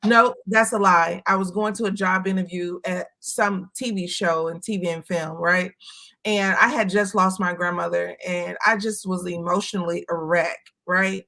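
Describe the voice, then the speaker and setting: A woman's voice: fairly low pitch, fairly even intonation, moderate pace, pushed and bright. A woman from Chicago talking candidly in a casual chat, emphatic and blunt, swearing now and then. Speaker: co-host.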